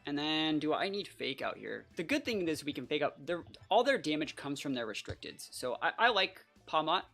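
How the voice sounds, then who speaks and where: An excitable young adult talks through a competitive match, casual and quick to react. The voice swings widely in pitch. Soft music plays underneath. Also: creaky. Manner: casual and excitable, heavy use of "like" and "bro". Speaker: competitive battle player and channel host. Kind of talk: live gameplay commentary.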